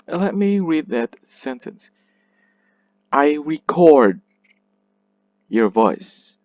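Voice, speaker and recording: Male lecturer, slow and methodical, repeats words; dry, slightly muffled recording. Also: medium pitch, dry recording. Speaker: literature lecturer. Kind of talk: classroom lecture.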